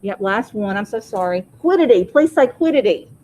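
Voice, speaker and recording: A woman teaching a high school vocabulary lesson in a classroom, having students repeat each word. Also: animated, moderate pace, darkish tone, poor audio. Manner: drills pronunciation, asks class to repeat words.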